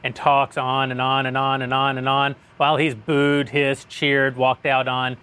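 A man's voice: medium pitch, monotone, a little slow, sharp tone, clear, resonant tone. A man hosting a political podcast, reading a sponsor ad with wry jokes and frequent chuckles. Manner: wry, joking, chuckles often. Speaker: show host reading an ad. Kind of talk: casual podcast banter.

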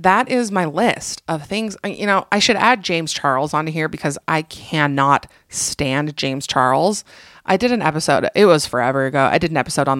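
A woman hosting a casual solo podcast, telling sarcastic, animated stories into a close mic. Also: low voice, no room sound. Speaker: podcast host.

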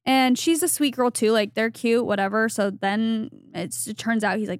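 Young woman, podcast co-host, lively gossipy storytelling, highish voice, dry close sound. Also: normal speed, no echo. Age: young adult. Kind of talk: casual chat.

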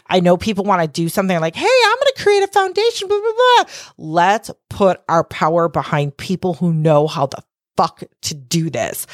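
A woman hosts her own casual solo podcast, talking candidly and swearing freely as she rambles through asides and acts out quotes. Her voice is low-pitched and a little mellow, recorded with studio quality and no room sound.

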